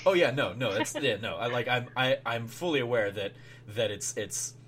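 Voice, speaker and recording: A man hosting a casual podcast, talking in a halting way with many restarts. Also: mid-range voice, a crowd in the background. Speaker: host.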